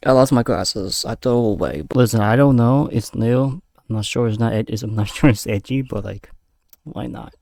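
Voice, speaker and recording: Halting gravelly man reacting to a video. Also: mid-range voice, darkish tone, no echo. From Peru. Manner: halting, repeats "right?" and "okay". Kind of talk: casual reaction commentary.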